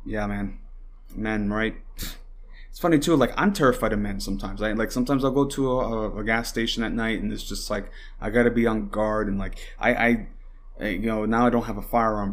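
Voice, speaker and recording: A man's voice: fairly low pitch, brisk. Heated rambling young man ranting. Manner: heated and rambling, swears often, many fillers; mocks opponents in put-on voices. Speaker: podcast host. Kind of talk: casual political commentary.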